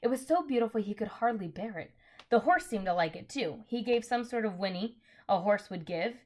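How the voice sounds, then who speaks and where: A woman's voice: medium pitch, lively intonation, brisk, darkish tone. Casual woman reading a storybook aloud. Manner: casual, self-correcting, apologetic asides. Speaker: reader. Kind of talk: reading a children's novel aloud.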